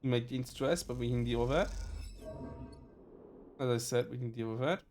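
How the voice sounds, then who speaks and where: A man's voice: medium pitch, darkish tone, faint music behind. A man with a German accent reading game text aloud during a let's play, stumbling and correcting himself often. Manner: halting reading with frequent self-corrections. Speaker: streamer.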